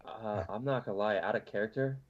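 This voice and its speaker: Hesitant man, lower voice, dull mic. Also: fairly quick. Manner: hesitant, rambling. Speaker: player. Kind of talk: casual chat.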